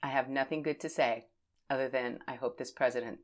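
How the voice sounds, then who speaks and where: A woman from the United States hosting a podcast, speaking in a candid, opinionated casual monologue that swings from fired-up to soft. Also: rumbling low, steady tone, brisk. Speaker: podcast host.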